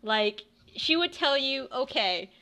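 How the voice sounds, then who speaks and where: A woman's voice: on the high side, slow, sharp tone, clear, resonant tone. A young woman narrating a tabletop game as game master, chatty and laughing, with many restarts.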